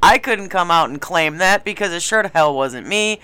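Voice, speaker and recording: A woman's voice: fairly low pitch, animated, moderate pace, sharp tone, clear, resonant tone, no room sound. A woman co-hosting a casual podcast, telling a story while laughing often. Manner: giggly, laughs through stories. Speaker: podcast co-host. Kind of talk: casual chat.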